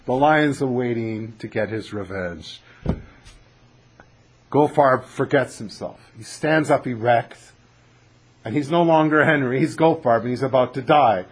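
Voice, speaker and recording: An animated male teacher giving a Torah class over a video call. His voice is husky and sits somewhat high, and he often poses questions as he tells stories. His pitch swings widely. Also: poor audio. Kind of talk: Torah class lecture with storytelling.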